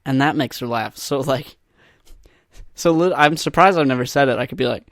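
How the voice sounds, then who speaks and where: Rambling young podcast host, dry close mic. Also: male voice, mid-range voice, normal speed, gravelly, fairly bright tone, no room sound. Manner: rambling, crude, self-deprecating humor. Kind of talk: solo casual podcast monologue. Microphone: podcast microphone.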